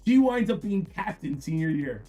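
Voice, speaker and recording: A man's voice: sits high, sing-song, normal speed, mellow, soft background music. A middle-aged man hosting a live stream, talking casually and bluntly, swearing freely, telling stories and chatting with viewers by name. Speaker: live card-break stream host.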